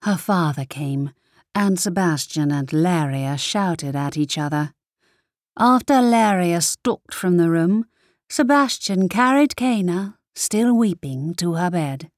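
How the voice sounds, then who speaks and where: A woman reading a fantasy novel aloud in a measured, deliberate way. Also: on the low side, animated, darkish tone, dry recording, studio quality. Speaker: audiobook narrator. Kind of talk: scripted fantasy narration.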